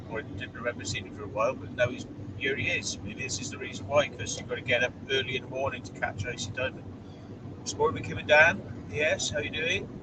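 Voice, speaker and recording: A man hosting a casual live stream from inside his car as he drives, chatting and reading out viewer comments. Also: medium pitch. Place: inside a car while driving. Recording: distant mic with loud car noise.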